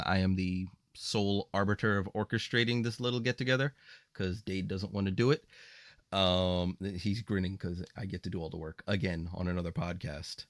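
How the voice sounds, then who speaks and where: A man's voice: lowish voice, no room sound, clean studio sound. A man hosting a casual gaming podcast, joking with his guests and rattling off where to find the show. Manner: relaxed, joking, rattles off plugs. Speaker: podcast host. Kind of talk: casual chat.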